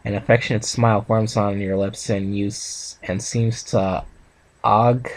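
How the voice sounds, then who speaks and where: A man's voice: lowish voice, flat delivery, a little slow, low-quality recording. A young man reading a fan story aloud with stumbles and joking asides between friends. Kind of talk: casual reading and reaction chat.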